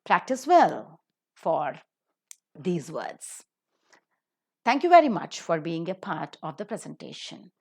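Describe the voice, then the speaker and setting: A woman teaching English pronunciation in a recorded lecture, slowly and deliberately modelling example words. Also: on the low side, sing-song, a little mellow, slightly rough. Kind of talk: recorded lecture on word stress.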